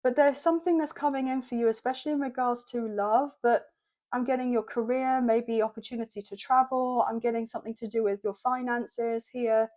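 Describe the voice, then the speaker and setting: Mellow-voiced woman giving a tarot reading. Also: on the high side, steady tone, fairly quick. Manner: flowing, repeats "I'm hearing" while channelling messages. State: choked up with emotion. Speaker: tarot card reader. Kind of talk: channelled tarot reading to camera.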